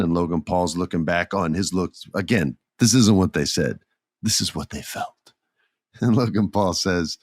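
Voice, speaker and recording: Middle-aged male podcast host, low and very expressive voice, dry close sound, storytelling chat. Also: unhurried, breathy edge, no room sound. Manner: animated storytelling with character voices. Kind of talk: casual wrestling commentary.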